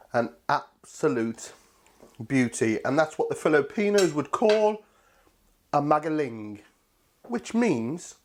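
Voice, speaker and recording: A man hosting a casual cooking video, chatty and enthusiastic, talking to viewers as his friends. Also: a little high. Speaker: cooking channel host.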